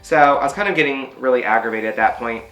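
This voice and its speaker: A man's voice: medium pitch, fast talker, a bit bright, roomy sound, faint music behind. A man telling a story in a casual, rambling way while he does his skincare routine. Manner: rambling, filler-heavy chat. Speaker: beauty vlogger.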